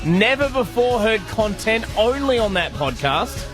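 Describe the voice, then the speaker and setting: A man's voice: high-pitched, big pitch swings, over music. A man with an Australian accent hosting a drive-time radio show, chatting and laughing with callers. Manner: laughing, chatty, quick to joke. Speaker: radio host. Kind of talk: breakfast radio banter.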